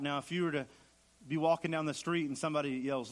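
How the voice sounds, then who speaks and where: A man's voice: medium pitch, fairly even intonation, a little fast. A man preaching a sermon in an earnest way, repeating phrases for emphasis and acting out the lines he quotes. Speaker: pastor.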